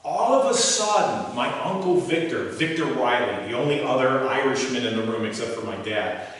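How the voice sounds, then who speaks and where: A man's voice: medium pitch, moderate pace. A man in his sixties giving a motivational talk to a live audience, telling stories animatedly and quizzing the crowd. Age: 60s. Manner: animated storyteller, asks audience questions. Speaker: motivational speaker. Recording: echoey hall, voice from far off.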